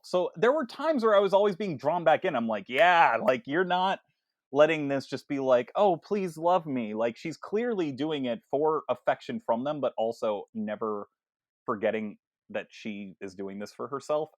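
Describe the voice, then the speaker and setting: A man talks through a film on a casual podcast, his fairly high voice swinging up and down as he acts out bits of dialogue. He stumbles and restarts often, full of energy. The sound is dry and close. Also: dry recording. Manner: animated, stammering restarts, acts out quoted lines. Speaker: podcast co-host.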